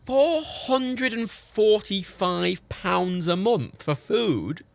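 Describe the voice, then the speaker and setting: A man's voice: high-pitched, lively intonation, very slow, gravelly, no room sound. A British man chatting on a live game stream, swearing and laughing in disbelief. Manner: sweary, exasperated, laughs often.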